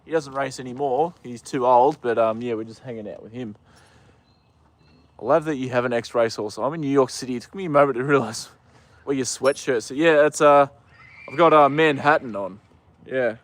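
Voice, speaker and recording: A man's voice: medium pitch, a little fast. A young Australian man chatting casually on a live stream outdoors, rambling with lots of ums and uhs. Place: outdoors with a horse.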